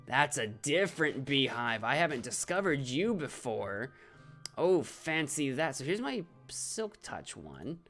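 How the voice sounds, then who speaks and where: A man's voice: mid-range voice, sing-song, a little slow, a bit bright. Chatty man streaming a game, faint music. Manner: chatty, self-deprecating, reads chat aloud. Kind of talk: live-stream gameplay commentary.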